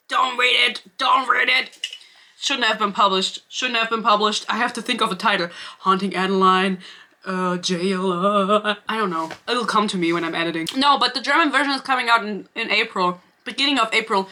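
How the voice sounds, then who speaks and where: A woman's voice: mid-range voice, bright, forceful tone. A young woman reviewing a book on her own channel, ranting casually with sarcasm, swearing and laughing asides. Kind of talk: casual rant to camera.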